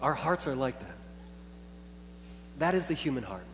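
A man in his thirties preaching a sermon as pastor, telling a story with lively swings from quiet reflection to loud, excited retelling of his own thoughts. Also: mid-range voice, normal speed. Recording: long church hall reverb with faint hum.

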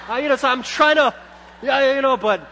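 A man in his thirties preaching a sermon as pastor, telling a story with lively swings from quiet reflection to loud, excited retelling of his own thoughts. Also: very high voice, normal speed, a faint crowd. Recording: long church hall reverb with faint hum.

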